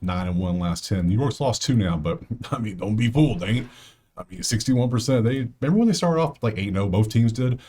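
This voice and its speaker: A man hosting a sports betting channel, casually breaking down games and picks while thinking out loud in slangy talk straight to his viewers. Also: fairly low pitch, slightly rough.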